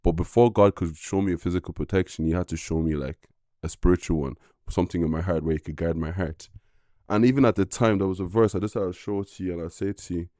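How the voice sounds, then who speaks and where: Young guy on a podcast, really low voice, mellow, keeps saying like, earnest. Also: no echo, clean studio sound. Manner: earnest, halting, full of fillers. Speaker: podcast guest. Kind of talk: casual personal testimony.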